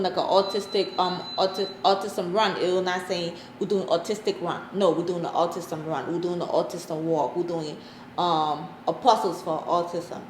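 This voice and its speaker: A woman in her thirties answering interview questions, hesitant, with many pauses and restarts. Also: on the low side. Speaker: interviewee, mother of an autistic son. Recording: echoey room, faint background noise.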